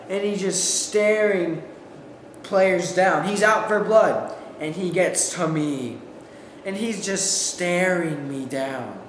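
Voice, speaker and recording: A young man performing a memorized comic monologue as a student, animated and acting out quotes with shouts, in a school hall with echo and faint background noise. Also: high voice.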